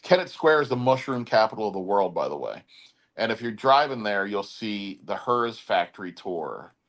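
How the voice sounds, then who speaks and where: A man's voice: on the low side, very animated, moderate pace, a bit bright. A man with a Philadelphia accent hosting a podcast, rambling in casual chat and mimicking how other people talk. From Philadelphia area. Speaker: podcast host.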